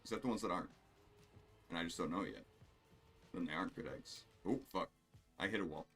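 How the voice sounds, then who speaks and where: Low-voiced rambling male streamer. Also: brisk, fairly bright tone, soft background music. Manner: rambling, profane, self-amused. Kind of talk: casual gameplay commentary.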